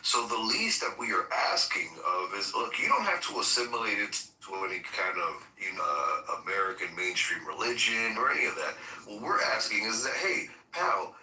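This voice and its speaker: A man co-hosting a podcast, talking politics in an animated, profane and rhetorical way. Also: lowish voice, normal speed, few pauses. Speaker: podcast co-host. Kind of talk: casual political talk. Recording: roomy echo, far from mic.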